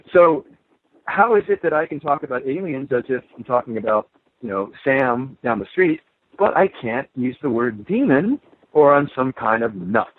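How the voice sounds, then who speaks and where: A man, an author speaking as an interview guest, rambling with frequent restarts and repeated words. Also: medium pitch. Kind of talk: conversational interview monologue. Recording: tinny phone-line audio.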